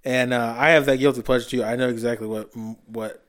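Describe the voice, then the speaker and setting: A man's voice: mid-range voice, fairly even intonation, a little fast, fairly bright tone. A man co-hosting a podcast who chats casually and laughs easily. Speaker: podcast co-host. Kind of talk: casual chat.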